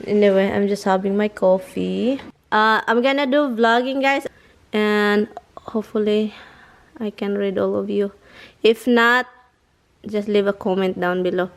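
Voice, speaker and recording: A woman's voice: mid-range voice, steady tone, a little slow. A middle-aged woman from the Philippines with a Filipino accent, chatting casually in a home vlog, rambling, repeating herself and venting her frustration. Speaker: vlogger.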